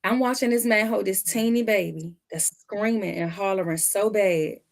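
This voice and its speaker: Woman, lively storyteller, medium pitch, acts out voices. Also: normal speed, gravelly. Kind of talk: casual storytelling.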